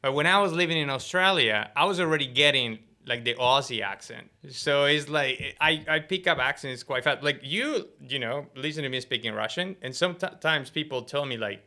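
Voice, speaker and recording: Man, from the united states, bright forceful tone, talkative interview guest. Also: mid-range voice. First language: English. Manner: fast, chatty, animated storytelling. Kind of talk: casual interview chat.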